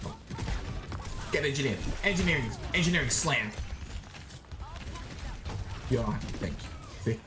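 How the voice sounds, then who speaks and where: Australian young man, goofy game streamer, casual chat, mid-pitched voice, faint music behind. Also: lively intonation, unhurried, pauses often. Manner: goofy, playful, swears, sings robot noises.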